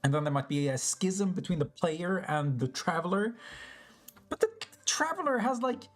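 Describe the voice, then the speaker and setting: A game streamer chatting casually while playing, self-mocking and rambling, swearing now and then, and breaking into laughter often. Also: mid-range voice. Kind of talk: casual live-stream commentary over gameplay.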